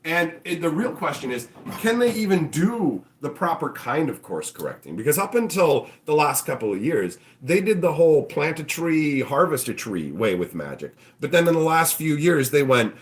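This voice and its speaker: A man's voice: fairly high pitch, very animated, moderate pace, hardly any pauses. A man hosting his own channel, ranting casually and profanely and acting out mocking voices. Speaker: channel host. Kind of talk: casual opinion rant.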